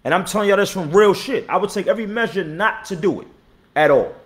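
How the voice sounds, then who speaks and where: A man's voice: sits high, quick pace. Blunt, profane battle rapper man. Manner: blunt, profane street talk, repeats himself, shouts out chat viewers. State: tired. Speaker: battle rapper hosting his own live stream. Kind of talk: casual live-stream talk.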